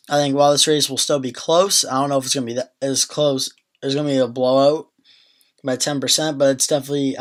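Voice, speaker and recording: A young man hosting a casual election prediction video, thinking aloud with fillers and restarts as he goes through an electoral map. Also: mid-range voice. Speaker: political prediction video host.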